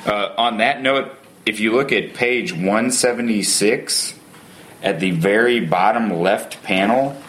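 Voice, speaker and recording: A man with a notably low voice hosts a casual podcast conversation about a book. He talks enthusiastically, with lively asides as he makes his points. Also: slight background noise.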